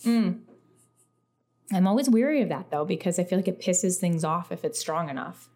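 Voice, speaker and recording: A woman telling a story in a casual podcast chat, animated and full of "like", acting out what people said. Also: fairly low pitch, moderate pace. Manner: animated storyteller, heavy use of "like", acts out quoted speech. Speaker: podcast guest.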